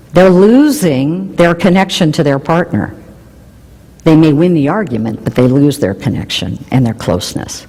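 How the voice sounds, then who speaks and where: Low-pitched woman with lively, animated delivery. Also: big-room sound. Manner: animated, warm storytelling with playful emphasis. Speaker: relationship researcher speaking. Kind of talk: explanatory talk with personal anecdotes.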